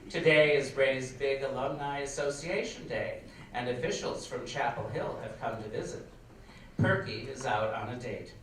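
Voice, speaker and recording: A man reads a nostalgic story aloud at a live stage event, wry and expressive with comic timing. His voice sits mid-range, swallowed in a big hall's reverb and picked up from far off, with a faint hiss underneath. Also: medium pitch, moderate pace. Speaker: reader, storyteller. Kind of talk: live stage reading of a memoir. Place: large performing arts hall. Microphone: far camera. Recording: echoey hall from far off, faint noise.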